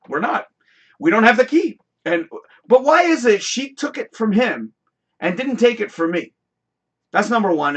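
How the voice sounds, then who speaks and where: A man hosting a live talk show, telling a work story in a casual, profane, animated rant that now and then bursts into shouting. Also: high voice. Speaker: podcast host.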